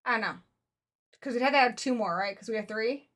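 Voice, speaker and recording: A woman with a high, bright voice hosts a live show, chatting casually with her co-host and calling out to viewers. She talks loosely and laughs easily. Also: fast talker. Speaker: livestream host.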